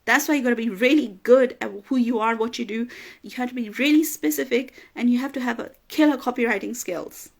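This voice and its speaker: A woman business coach with a fairly high, brisk, creaky voice delivers an emphatic motivational talk. She repeats phrases for emphasis and at times gets emotional, laughing through tears.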